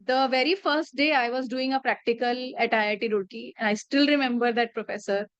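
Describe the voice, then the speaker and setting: A woman's voice: on the high side, fairly even intonation, brisk, dry recording. A woman in her late thirties with an Indian accent, a teacher telling classroom anecdotes in a chatty way and mixing in Hindi phrases. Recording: slightly muffled dry recording.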